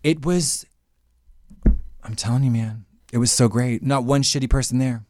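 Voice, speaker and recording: A man's voice: mid-range voice, moderate pace, darkish tone, no room sound, studio quality. A man co-hosting a podcast in casual chat, talking in a rambling, jokey way. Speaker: podcast co-host. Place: podcast studio.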